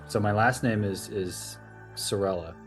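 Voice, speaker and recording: An American man in his 40s, a retired army officer and coach, tells stories as a guest in a conversational interview. His voice is low and unhurried, soft music plays in the background, and he's an animated storyteller who acts out dialogue and laughs at himself.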